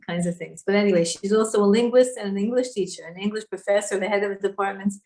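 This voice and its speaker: A woman leads an online Torah class, unpacking Hebrew words and putting questions to her students. Her voice sits at a middle pitch. The recording rings with room echo. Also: fairly even intonation, fast, a little mellow. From Israel. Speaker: Torah teacher. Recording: echoey room.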